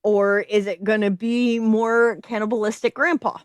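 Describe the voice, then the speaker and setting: A woman's voice: medium pitch, little pitch movement, moderate pace, clean tone, no room sound, studio quality. A woman hosting a live-stream podcast, reading a story submission aloud with dramatic flair and stopping to react.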